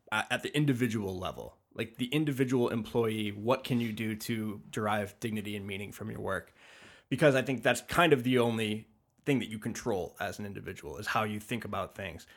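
A man co-hosting a podcast in casual conversation, thoughtful and hedging, often restarting his sentences as he works through ideas. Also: lowish voice. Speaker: podcast co-host.

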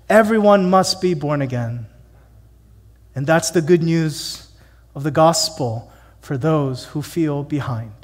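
A man's voice: a little high, big-room sound. A man preaching a sermon in a church, emphatic and conversational, with many rhetorical questions. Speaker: pastor.

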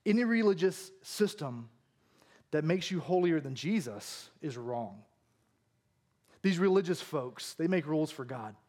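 A man preaching a sermon as a pastor, telling stories in an animated, humorous way. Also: fairly high pitch, unhurried.

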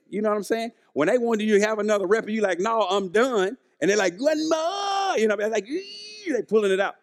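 A man's voice: high voice, darkish tone. A male preacher, delivering a conversational sermon who keeps asking the congregation questions and acting out the quotes.

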